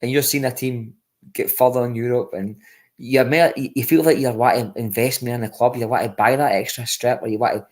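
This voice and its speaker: A man's voice: medium pitch, steady tone, brisk, darkish tone. A Scottish man co-hosting a football podcast, talking bluntly, repeating himself and swearing. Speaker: podcast co-host. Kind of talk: casual football podcast chat.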